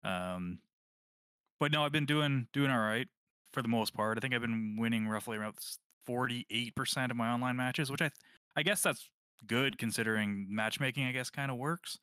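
A man co-hosting a podcast, chatting casually about video games in a rambling, relaxed way. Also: medium pitch, moderate pace, clean tone, dry recording, studio quality. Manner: rambling, relaxed, lots of fillers and restarts. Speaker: podcast co-host.

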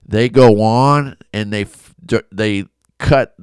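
A man preaching a devotional Bible talk as a pastor, telling a personal story with animated energy and frequent chuckles. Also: fairly low pitch, takes it slowly, clean tone, no echo.

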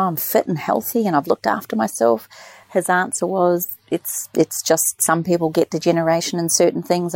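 Gravelly woman telling a story. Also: lowish voice, dry recording. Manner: animated storyteller, quotes others in lively voices. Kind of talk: casual chat.

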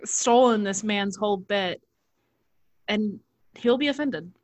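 A woman's voice: medium pitch, slow pace, darkish tone. A woman co-hosting a podcast, chatting casually with dry, teasing banter. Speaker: podcast co-host. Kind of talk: casual chat.

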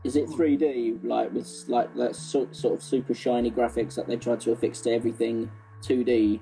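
Male co-host, mellow and playful, faint music bed. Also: medium pitch, normal speed, creaky, rough recording. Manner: animated, jokey, acts out quoted voices. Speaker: podcast co-host. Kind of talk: casual podcast chat.

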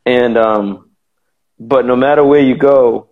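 A man's voice: mid-range voice, fairly even intonation, slow, phone-quality sound. A man from Massachusetts with a Boston accent, a guest telling stories in casual chat, rambling with many restarts.

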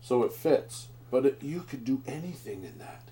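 A man's voice: mid-range voice, animated, moderate pace, mellow. Chatty, swearing man. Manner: chatty, profane, rambling. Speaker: board game player. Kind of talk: casual chat over a tabletop war game.

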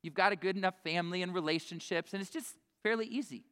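A man's voice: high-pitched, fast, fairly bright tone, smooth, big-room sound. A man preaching a sermon to his church congregation, in a conversational way that often breaks off mid-thought to restart or act out quotes. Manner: conversational, self-interrupting preaching with quoted asides. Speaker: pastor. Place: church sanctuary.

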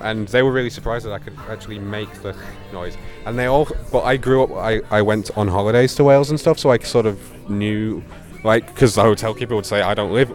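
A young man from Britain chatting casually outdoors, joking around and filling his talk with "like". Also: on the low side. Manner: chatty, joking, lots of 'like' fillers. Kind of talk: casual chat. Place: outdoors at a convention.

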